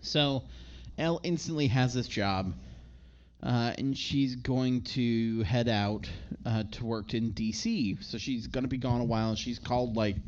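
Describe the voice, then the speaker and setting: A man's voice: mid-range voice, unhurried. Lo-fi casual male podcast co-host. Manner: rambling, laughs often, slips into impressions. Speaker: podcast co-host recapping a movie. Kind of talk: casual chat.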